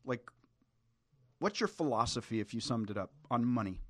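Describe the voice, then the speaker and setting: A man's voice: mid-range voice, animated, normal speed, fairly bright tone, no echo. A man hosting a casual podcast conversation, easygoing and asking probing questions. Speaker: podcast host.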